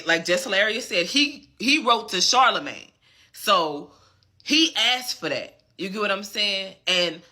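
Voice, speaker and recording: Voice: mid-range voice, sharp tone. A vlogger delivering a fired-up, profane commentary rant and repeatedly checking in with the listener. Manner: emphatic and profane, often asking "you get what I'm saying". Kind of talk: ranting commentary.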